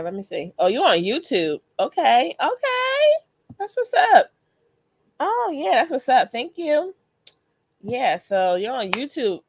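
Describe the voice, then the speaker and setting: A woman's voice: medium pitch, no room sound. Laughing casual woman host, dry close sound. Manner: casual, laughs often, talks to viewers. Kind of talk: live-streamed motivational talk.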